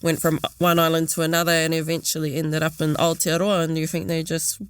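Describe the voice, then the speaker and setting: A woman's voice: low voice, flat delivery, fast, clean tone, dry recording. Curious New Zealand woman, dry close sound. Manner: curious, asks questions, laughs easily. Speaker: co-presenter. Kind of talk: casual discussion.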